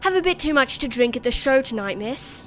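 A woman's voice: high-pitched, lively intonation, a little fast, fairly bright tone, faint music behind, voice pushed up. Smug, patronizing male cops, put on by a woman reader. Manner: patronizing, mock-polite. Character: smug, condescending male police officers.

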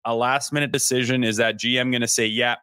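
A man's voice: mid-range voice, quick pace, clear, resonant tone, no echo. A man co-hosting a casual sports podcast, talking loosely and swearing as he tells stories. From Canada. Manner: loose, swearing, storytelling with animated quoted voices. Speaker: podcast co-host.

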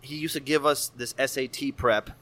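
A man in his thirties telling a story in casual chat, animated and profane, acting out voices. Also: mid-range voice, moderate pace. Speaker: podcast guest.

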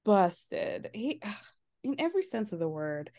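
A woman's voice: medium pitch, a little fast. Woman host doing mocking quote voices. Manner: animated, quotes cast members in mocking voices, laughs often. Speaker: podcast host. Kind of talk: casual reality TV recap chat.

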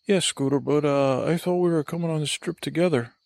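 A man's voice: on the high side, a little fast, vocal fry, darkish tone, dry recording, pitched above the performer's own voice. A man voicing a meek, clingy male sidekick who talks hesitantly and a bit whiny, raising his voice slightly. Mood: timid.

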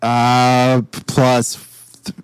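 A man's voice: medium pitch, completely flat delivery, drawn-out words, smooth, no echo. Joking man playing a vain character. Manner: vain, joking banter, laughs easily. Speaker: player. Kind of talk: casual tabletop play.

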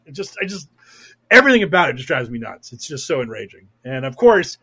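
A man's voice: mid-range voice, sing-song, fast talker, pushed and bright, husky. A young man hosting a podcast, talking casually and sarcastically, swearing, stammering and restarting, and working himself up into angry rants. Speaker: podcast host. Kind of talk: casual political podcast rant.

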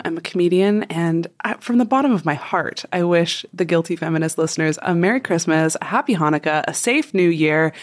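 A woman comedian giving a chatty, self-deprecating recorded message, laughing as she talks. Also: on the low side.

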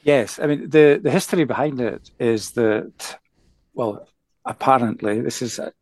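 A man in his sixties, a guest author telling a story in a measured way with many pauses and ums. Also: medium pitch, a little mellow, no echo. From Scotland. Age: 60s. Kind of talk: podcast interview.

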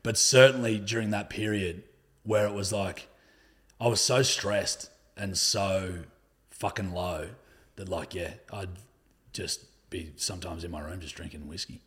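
Husky, laid-back Australian man. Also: sits low, fairly even intonation, unhurried. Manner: laid-back, swears often, says "like" a lot. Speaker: podcast guest. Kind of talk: casual conversational storytelling.

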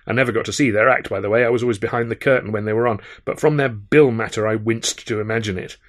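A man's voice: fairly low pitch, fairly even intonation. English man narrating an audiobook. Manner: measured first-person storytelling. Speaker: author reading his own novel.

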